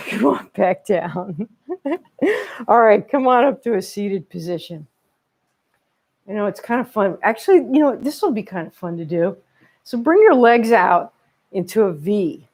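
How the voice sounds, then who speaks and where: A woman's voice: mid-range voice, a little mellow. A woman guiding a children's yoga class in a library, chatty and encouraging, often checking in with the kids and laughing along. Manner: cheerful, chatty, encouraging with frequent okays and laughs. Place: library, indoors. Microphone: wearing a microphone.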